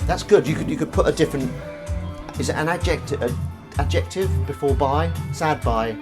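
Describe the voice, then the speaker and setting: A man's voice: on the high side, a little fast, music in the background. A man hosting a live stream, chatting casually and rambling playfully with wordplay.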